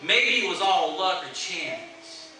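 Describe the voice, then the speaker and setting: A man's voice: sits high, expressive, takes it slowly, background noise. A man preaching a sermon in a church in a conversational way, often asking "right?" to check in with the congregation. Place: church sanctuary. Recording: echoey church hall, mic at a distance.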